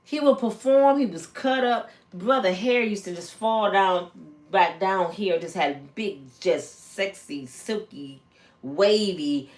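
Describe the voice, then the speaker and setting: A woman vlogger talks gossip in a casual, lively storytelling way. She jumps into high-pitched voices when she quotes people. Her middle-range voice stays chatty and animated. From Michigan, USA.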